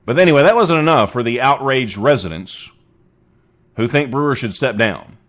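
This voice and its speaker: Hosting his own podcast, a man from the United States pokes sarcastic fun at bizarre headlines, wandering off on tangents and restarting his thoughts. He talks at a moderate pace in an expressive, medium-pitched voice with a fairly bright tone.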